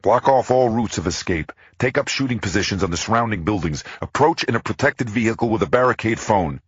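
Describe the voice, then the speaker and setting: A man's voice: on the low side, animated, fairly quick, slightly rough, dry recording, muffled recording, pitched above the performer's own voice. A man voicing a commanding male hostage-team chief, barking orders.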